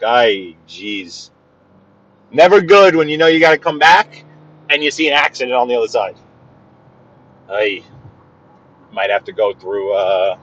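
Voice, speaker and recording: A man's voice: medium pitch, a bit bright, lo-fi sound. A man chatting casually to his live-stream viewers while driving, stumbling and repeating words as he talks. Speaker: live-streaming driver vlogger. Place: inside a car on the highway.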